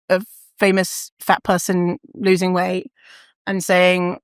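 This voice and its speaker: A woman talking on her own podcast in a loose, candid way. She swears without a second thought and laughs through her stories. Her voice sits at an ordinary middle pitch and sounds close and dry, with no room sound around it. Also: dry recording. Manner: candid, swears freely, laughs often, acts out quoted voices. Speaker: podcast host. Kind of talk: casual solo podcast monologue.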